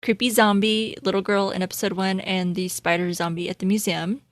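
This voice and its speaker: A woman podcast co-host reading listener comments quickly in casual chat, without doing any accents. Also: medium pitch, little pitch movement, no echo.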